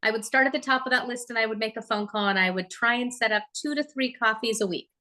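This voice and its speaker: A woman giving a live real estate training talk, chatty and lively, often asking the audience questions. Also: fairly high pitch, fast. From Oregon, USA.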